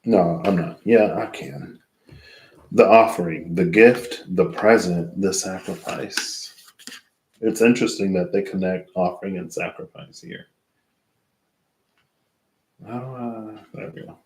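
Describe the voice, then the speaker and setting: A man's voice: low voice, measured pace, long pauses, a little mellow, echoey room, slight background noise. A sleepy man doing a casual tarot reading, reading from a guidebook and rambling as he thinks aloud. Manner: rambling, thinks aloud and loses track mid-sentence. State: sleepy, yawning. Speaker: tarot reader.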